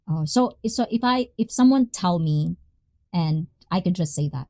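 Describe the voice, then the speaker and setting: Slow-talking woman vlogger. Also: big pitch swings, dark tone, no echo. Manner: laughs often, breaks into high giggles; reads lines then reacts playfully. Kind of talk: casual talk to camera.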